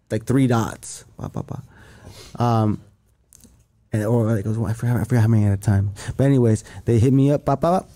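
A man's voice: medium pitch, mellow. A young man telling a long story in casual chat, rambling and profane, with many restarts. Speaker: podcast guest.

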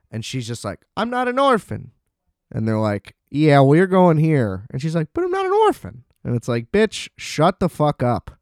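A man's voice: medium pitch, a little mellow, clean tone, no room sound, studio quality. A young man giving a casual, sarcastic movie recap, swearing and laughing often.

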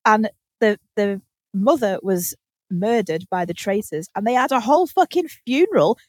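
A woman's voice: medium pitch, animated, moderate pace, no room sound. A woman hosting a podcast, telling a story in casual chat with lots of laughter and freely swearing. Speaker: podcast host.

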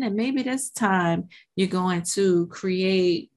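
Animated woman hosting a business podcast. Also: on the low side, slow pace. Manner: animated, acts out inner voices, lots of "you know, right?". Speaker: podcast host. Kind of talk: motivational podcast monologue.

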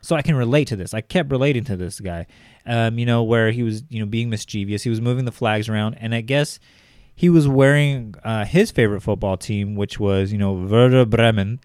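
A man's voice: lowish voice, fairly quick, darkish tone, no room sound, clean studio sound. A man in his thirties co-hosting a casual chat, rambling with lots of filler words. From Los Angeles area. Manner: rambling, heavy on fillers like "like" and "you know". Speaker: podcast co-host.

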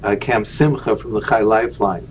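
An earnest man tells his story as a podcast guest, leaning on key words and slowing down to stress them. His voice comes over a dull, lo-fi remote line with a faint hiss underneath. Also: on the low side, fairly even intonation. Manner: earnest, slows down for emphasis. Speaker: guest, rabbi and charity founder.

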